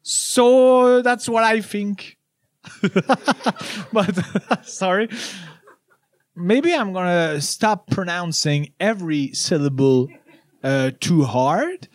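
Slow, syllable-stressing Frenchman with a high voice. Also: dry recording, clean studio sound. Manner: laughing often, over-enunciating each syllable. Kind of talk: improvised comedy bit.

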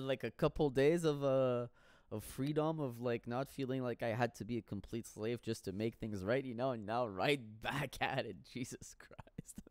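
A man's voice: mid-range voice, dry recording, clean studio sound. A man telling stories in a casual solo monologue, rambling and profane with frequent laughter.

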